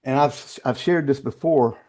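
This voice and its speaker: Older guy telling stories in an interview, mellow voice, stumbles and restarts a lot, goes soft and choked up. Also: mid-range voice. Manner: halting, repeats words and restarts, grows quiet and choked when emotional. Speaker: guest. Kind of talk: emotional interview storytelling.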